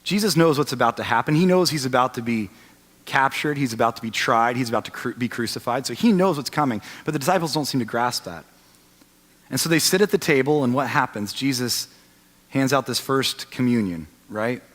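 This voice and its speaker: A man's voice: medium pitch, lively intonation, brisk. Man preaching in a reverberant hall. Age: 30s. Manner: storytelling, swinging from loud to hushed. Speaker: pastor. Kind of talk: sermon. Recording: long reverb of a large hall.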